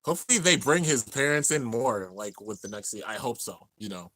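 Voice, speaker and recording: Young male host, bright tense voice, excitedly calling on-screen action, dry close mic. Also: medium pitch, a little fast, no room sound. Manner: excited, narrating on-screen action, drops to near-tears murmurs. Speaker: anime reaction host. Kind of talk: live reaction commentary.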